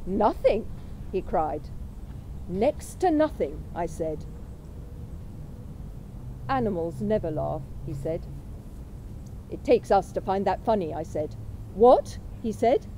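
A woman reading aloud from a lecture at a memorial event in a measured, unhurried way. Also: fairly low pitch, animated, warm tone, a little hiss or hum, poor audio. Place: college chapel.

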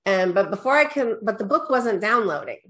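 A middle-aged woman speaks as a guest business coach in a relaxed interview. She sounds candid and animated and leans on little check-ins with the listener. When she quotes herself, her voice lifts. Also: a little fast. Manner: animated storyteller, quotes herself with rising pitch; peppers talk with "right?" and "da, da, da". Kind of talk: casual storytelling interview.

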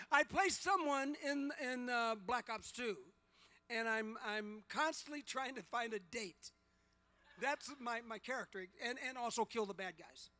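A man in his sixties, a celebrity guest at a convention panel, joking and teasing with fans, often shouting and laughing. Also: very high voice, measured pace. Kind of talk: loud playful banter with fans. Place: large convention hall.

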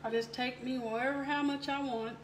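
Chatty Southern woman, high voice. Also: fairly even intonation, a little fast, slight background noise. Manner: homey, chatty, addresses viewers as y'all. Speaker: home cook host. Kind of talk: casual cooking demo.

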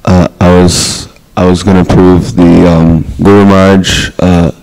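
A man's voice: low-pitched, little pitch movement, measured pace, darkish tone, rough recording. A man speaking as a student in a class, hesitantly reciting and explaining a scripture verse, with many ums.

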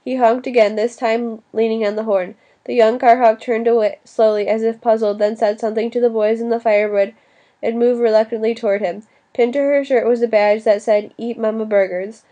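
A woman narrating an audiobook in an even reading voice, now and then restarting a word. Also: a little high, a little fast, lo-fi sound. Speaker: audiobook reader.

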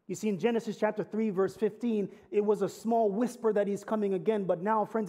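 A man's voice: high-pitched, steady tone, brisk, few pauses, dark tone. A man, a pastor, preaching a sermon earnestly, building to emphatic climaxes and telling stories with light humor. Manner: conversational storytelling with humor.

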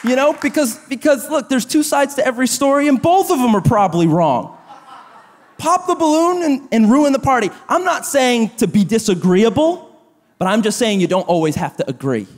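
A man in his thirties preaching a sermon to a church, animated and self-deprecating, acting out quoted gossip. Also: very high-pitched, moderate pace, a faint crowd. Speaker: pastor. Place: church auditorium. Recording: long reverb of a large hall.

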